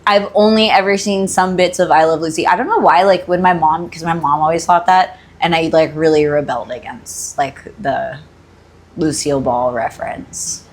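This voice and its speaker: Podcast guest, woman in her 20s, from Australia; low-pitched, loose and rambling, given to self-corrections. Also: fairly even intonation, moderate pace, husky. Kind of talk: casual chat.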